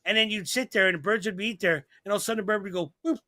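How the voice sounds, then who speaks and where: Bright high-voiced storytelling man. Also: rapid-fire, a little hiss or hum. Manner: animated storyteller, acts out voices. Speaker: podcast co-host. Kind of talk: casual comedic chat.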